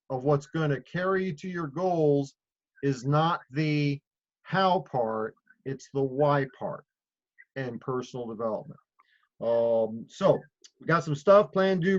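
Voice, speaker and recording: A middle-aged man leading a group call with a casual, rambling, storytelling way of talking and many fillers. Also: fairly high pitch. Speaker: leader of a sales group call. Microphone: phone or video call. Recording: muffled call audio.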